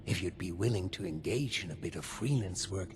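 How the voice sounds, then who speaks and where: An actor playing a smooth, scheming old male ghoul overseer in a video game, with a German accent and a gravelly, breathy half-whisper. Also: low voice, a little fast, slight background noise, lightly acted. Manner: silky, theatrical, faintly menacing.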